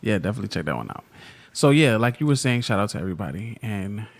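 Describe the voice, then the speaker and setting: A man's voice: lowish voice, big pitch swings, fast, gravelly. Laid-back slangy man podcasting. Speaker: podcast co-host. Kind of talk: casual couple chat.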